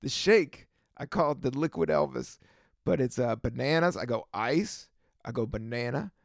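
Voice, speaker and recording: A man's voice: mid-range voice, gravelly, dry recording, studio quality. A young man hosting a podcast, riffing casually and laughing often in a loose, rambling way. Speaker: podcast host.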